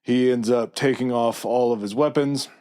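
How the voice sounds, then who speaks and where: A man co-hosting a podcast who tells his version of a myth in a slow, measured way and throws in dry jokes. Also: medium pitch, steady tone, mellow. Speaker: podcast co-host. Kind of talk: casual storytelling chat.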